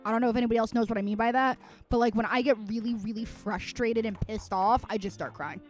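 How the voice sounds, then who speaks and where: Woman streamer, higher voice, chatty foul-mouthed ranting, faint background music. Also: fast talker, a little mellow. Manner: rambling, venting, swears freely. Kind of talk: casual livestream chat while gaming. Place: home.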